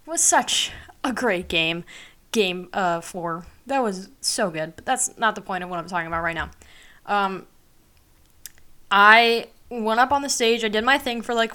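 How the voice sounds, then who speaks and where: A young woman in her late teens or early twenties talks through her podcast in a loose, upbeat ramble, filling gaps with ums and likes. Her voice is smooth and clear, sitting at an ordinary middle pitch. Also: fairly bright tone. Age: young adult. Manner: rambling, upbeat, lots of fillers and laughs. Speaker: podcast host. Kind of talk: casual solo podcast chat.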